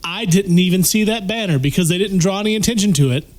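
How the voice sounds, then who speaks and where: A man on a casual podcast, tearing into a movie's plot with blunt, profane remarks. His speaking voice sits a little on the high side. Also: quick pace. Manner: blunt, profane, explains scenes at length. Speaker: podcast co-host. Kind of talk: casual movie review chat.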